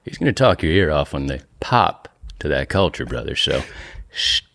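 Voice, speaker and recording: A man doing an impression of a laid-back Texan movie star, speaking in a slow, sing-song drawl. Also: a bass voice, big pitch swings, gravelly, a bit bright, no echo, clean studio sound, voice pushed down, full character voice.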